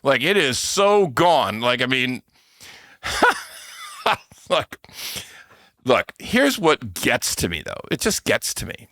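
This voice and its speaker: A man's voice: medium pitch, takes it slowly, pauses often, no echo, clean studio sound. A Canadian man hosting a podcast, ranting in a casual, mocking way about politics. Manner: animated, laughing, mocking quotes of politicians. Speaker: podcast host. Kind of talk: casual opinion rant.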